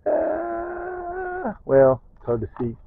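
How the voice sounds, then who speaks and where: Excitable older man on a tinny phone recording. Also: very high voice, extremely slow, vocal fry, a little hiss or hum. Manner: excitable, repeats exclamations. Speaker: vlogger. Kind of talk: casual home vlog. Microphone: phone camera held close. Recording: dry tinny phone-like audio.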